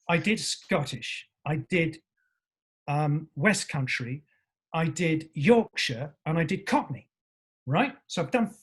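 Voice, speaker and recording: Male actor from england, husky voice, animated storytelling, acts out voices, swears. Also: a little high. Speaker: actor guest.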